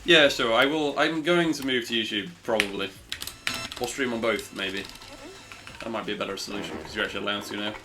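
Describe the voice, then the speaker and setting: This live-streaming speedrunner has a voice on the low side and speaks fairly quickly. Chatting casually, he rambles, pokes fun at himself, occasionally swears and responds to chat, all under gameplay sound and loud music.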